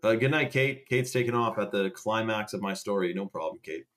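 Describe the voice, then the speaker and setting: A man's voice: fairly low pitch, a little fast, a bit bright. A young man casually telling a rambling story to a live chat, swearing and restarting as he goes. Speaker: livestream host.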